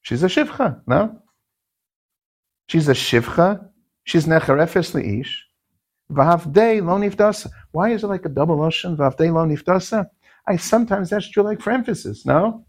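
Gravelly, lively man teaching Talmud. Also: high-pitched, normal speed. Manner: questioning, sing-song, frequent "no?" asides. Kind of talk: Talmudic lecture.

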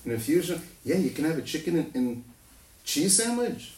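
A man teaching Talmud in a lively sing-song, leaping up in pitch and tossing out rhetorical questions. His voice has a gravelly edge. He sits away from the mic in an echoey room, with faint noise underneath. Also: normal speed, distant mic. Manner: rhetorical questions, often ending with "no?"; sing-song, animated delivery with sudden jumps in pitch. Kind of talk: animated Talmud lecture.

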